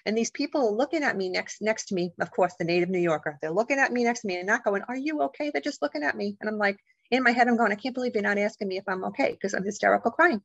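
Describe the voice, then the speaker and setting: A middle-aged woman, a guest author and paranormal investigator, telling a personal story in an animated, emotional way, acting out the voices of the people in it. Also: mid-range voice, racing, gravelly, few pauses, dry recording, highs cut off. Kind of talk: storytelling in a podcast interview.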